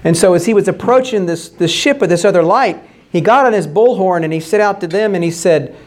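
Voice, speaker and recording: A man's voice: high voice, brisk, hardly any pauses, darkish tone. A man preaching a sermon as pastor, earnestly explaining scripture and posing rhetorical questions.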